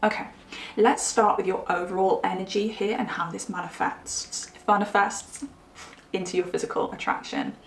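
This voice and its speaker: A woman's voice: mid-range voice, brisk, a little hiss or hum. Woman doing a tarot reading to camera, rambly and musing, bit of room echo. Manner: chatty, musing, many "I wanna say" asides. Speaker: tarot reader. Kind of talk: pick-a-card tarot reading. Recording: roomy echo.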